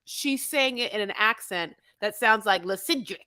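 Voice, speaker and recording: A woman's voice: mid-range voice, moderate pace, bright, forceful tone, dry recording. A woman co-hosting a podcast in casual, playful chat, often imitating voices and messages. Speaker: podcast co-host.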